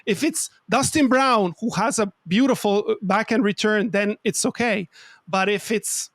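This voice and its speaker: High-voiced Italian host, dry sound. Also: male voice, moderate pace, a bit bright, dry recording. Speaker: podcast host. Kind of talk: casual interview chat.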